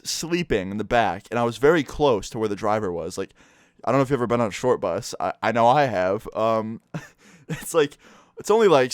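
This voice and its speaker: A man's voice: mid-range voice, clean tone, dry recording, clean studio sound. A man telling a childhood story in a casual, profane vlog style. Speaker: vlogger.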